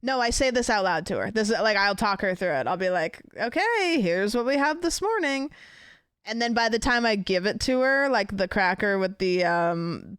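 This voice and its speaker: A woman's voice: mid-range voice, clean tone, no room sound, clean studio sound. Giggly, rambling woman streamer. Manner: rambling, giggly storytelling with many fillers. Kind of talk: casual chat.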